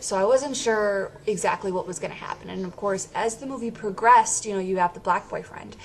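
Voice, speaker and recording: A woman's voice: mid-range voice, a little fast, slight background noise. A woman giving a casual, rambling movie review, interrupting herself and laughing often.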